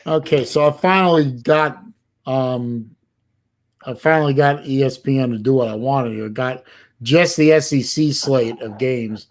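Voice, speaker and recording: A man hosting a casual livestream chat, talking in halting bursts with many restarts. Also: mid-range voice. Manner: halting, many restarts while fiddling with an app. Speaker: livestream host.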